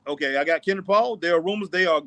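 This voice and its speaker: A man's voice: sits high, fast talker, bright, forceful tone. A man co-hosting a casual wrestling talk show, reading out viewer comments and laughing easily. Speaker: podcast co-host.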